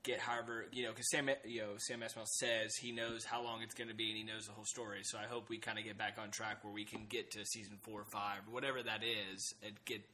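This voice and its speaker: A man's voice: on the low side, little pitch movement, fast talker, few pauses, bright, forceful tone, slight background noise. A man co-hosting a casual TV discussion podcast, talking hesitantly with many fillers and restarts. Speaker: podcast co-host.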